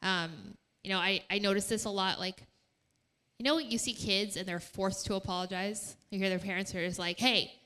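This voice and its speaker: A woman co-leading a relaxed talk at a church night. Her voice is bright and clear-edged, and she explains things earnestly, step by step. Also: mid-range voice, a little fast. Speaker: co-presenter. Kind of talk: casual teaching talk on stage.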